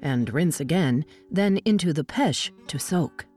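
Formal male elf escort, read by a woman; grave and courteous, kept low. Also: expressive, measured pace, a little mellow, slightly rough, soft background music, exaggerated voice. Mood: earnest.

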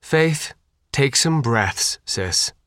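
Man voicing steady young woman, calm and coaxing, lifted pitch, audiobook. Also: normal speed, no room sound, studio quality.

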